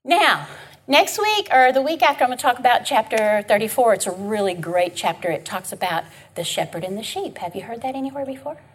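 A woman's voice: fairly high pitch, lively intonation, fairly quick, a little hiss or hum. A woman leading an informal Bible class. She talks in a chatty, emphatic way and keeps checking in with her listeners. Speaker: Bible study teacher.

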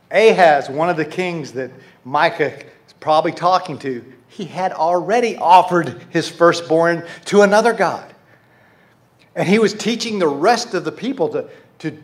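A man preaching a sermon to his congregation in a conversational way, often restarting and correcting himself. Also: high-pitched. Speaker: pastor.

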